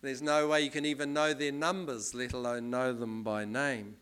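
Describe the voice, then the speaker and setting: A man giving a sermon in a relaxed, explanatory way, with many ums and restarts. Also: medium pitch, moderate pace, smooth. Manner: conversational, explanatory, with fillers. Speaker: preacher.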